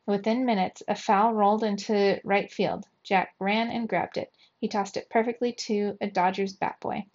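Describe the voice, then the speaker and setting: A woman reading a children's chapter book aloud to young students, steady and clear, with lively shouts for the characters. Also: medium pitch, normal speed. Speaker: storybook reader for young children. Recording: dull lo-fi recording.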